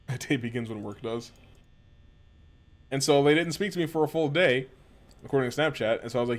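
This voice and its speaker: A man's voice: mid-range voice, a little fast, pauses often. A man from the western United States chatting casually and profanely while streaming a game, rambling with lots of slang. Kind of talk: casual gameplay chat.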